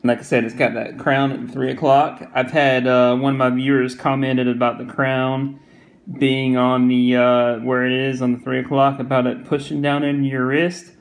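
A man with a Southern US accent talks through a watch review in a loose, rambling way, leaning on fillers and circling back on himself. His voice has a gravelly edge and stays fairly flat in pitch. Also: normal speed, low-quality recording. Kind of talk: casual product review.

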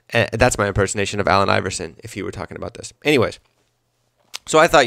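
A man's voice: lowish voice, fast talker, creaky, dry recording. Young man, podcast host, rambling comic monologue, dry close sound. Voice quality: animated, rambling. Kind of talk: casual comedic monologue.

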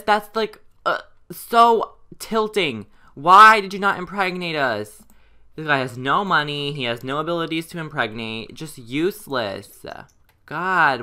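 Guy doing sarcastic let's play commentary, bright clear voice, always fed up with his game. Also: mid-range voice. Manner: exasperated, sarcastic running commentary. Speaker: gaming channel host.

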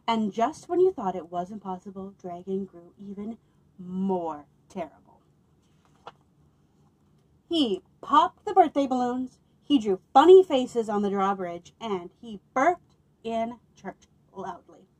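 A woman working as a children's librarian, reading picture books aloud to children with expressive delivery and playful asides. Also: medium pitch, takes it slowly, rough recording.

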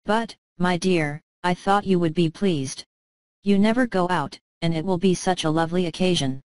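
A woman's voice: on the low side, normal speed, a little mellow, clean tone, no room sound, close to an everyday voice. A woman voicing a meek male clerk husband in a storybook reading, stammering and anxious to please.

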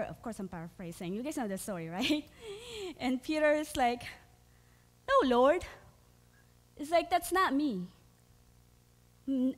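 A woman with a Filipino accent preaches in a loose, conversational way. Her voice sits a little high, and she laughs easily and often, with plenty of fillers and restarts between her thoughts. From Philippines. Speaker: church speaker. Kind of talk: sermon.

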